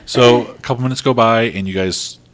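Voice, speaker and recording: A man acting as game master, narrating a tabletop role-playing game in a relaxed way and laughing often. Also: medium pitch, fairly quick, slight background noise.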